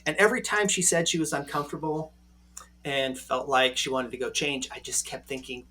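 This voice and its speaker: A man in his forties tells a story as a podcast guest with a bright, forceful voice. He is animated and keeps tagging his sentences with "right?". His pitch sits in the middle for a man. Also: brisk, a little hiss or hum.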